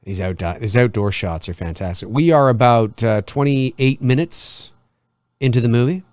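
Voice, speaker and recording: A man's voice: medium pitch, normal speed, a little mellow, dry recording, clean studio sound. A man co-hosting a live film commentary in a laid-back way, chuckling often and reading viewer comments aloud. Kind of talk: live movie commentary chat.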